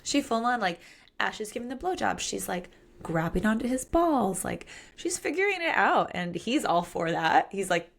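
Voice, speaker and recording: A podcast co-host with a medium-pitched voice and vocal fry, speaking at normal speed, dishes candidly on a romance novel. The chat is casual and animated, and she acts out passages from the book.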